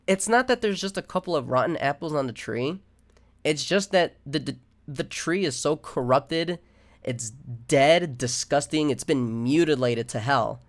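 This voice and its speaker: A man delivering an angry, profane rant into the camera, full of restarts and filler. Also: medium pitch. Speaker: vlogger. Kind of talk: angry ranting monologue.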